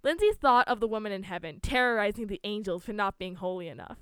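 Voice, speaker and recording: A woman's voice: medium pitch, lively intonation, quick pace, a bit bright, smooth, no room sound. A woman reading a spooky story aloud, with small slips and restarts as she goes.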